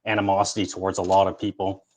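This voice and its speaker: A man's voice: sits low, fast. A man hosting a live call-in stream, casually chatting and agreeing with his caller. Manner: relaxed, agreeable, laughs along. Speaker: stream host. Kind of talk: casual chat.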